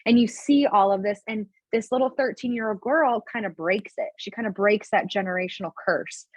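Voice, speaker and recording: A woman's voice: mid-range voice, no echo. A woman in her thirties, a podcast guest, candidly telling a personal family story in a chatty, emotional way with lots of fillers. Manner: emotional, candid, fast-flowing with many "like" fillers. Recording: dull, slightly lo-fi remote recording.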